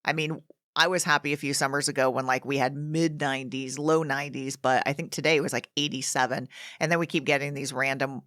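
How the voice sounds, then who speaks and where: A woman's voice: a bass voice, a bit bright, dry recording, studio quality. A woman hosting a gardening podcast, chatting in a rambling, casual way with frequent restarts. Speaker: garden show host.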